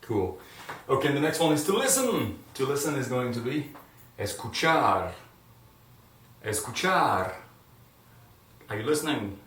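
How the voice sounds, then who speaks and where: A man teaching a video lesson, encouraging his viewers and loudly drilling words for them to repeat. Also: medium pitch, big pitch swings, brisk, a little hiss or hum. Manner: encouraging, loud drilled repetitions. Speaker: Spanish teacher. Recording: echoey room, voice from a distance.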